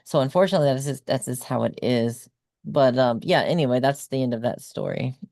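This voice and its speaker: Gravelly-voiced woman telling a personal story. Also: rumbling low, fairly quick, darkish tone, no room sound, clean studio sound. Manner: rambling, with frequent ums and likes. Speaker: guest sharing experiences. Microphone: video call.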